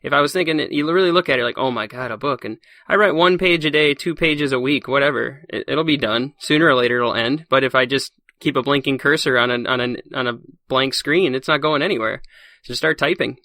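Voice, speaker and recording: A man telling stories in a casual podcast interview as a guest, animated and laughing often. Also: mid-range voice, no room sound, studio quality. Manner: fast, animated storyteller who laughs often. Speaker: podcast guest, science teacher.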